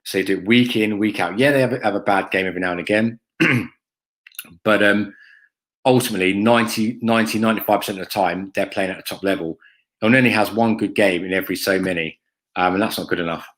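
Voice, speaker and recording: Brief: man, fan channel host, casual stream chat, low-pitched, blunt and profane, rambles with ums. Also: quick pace, fairly bright tone. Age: adult, has a school-age son. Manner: blunt, sweary, lots of ums and "mate".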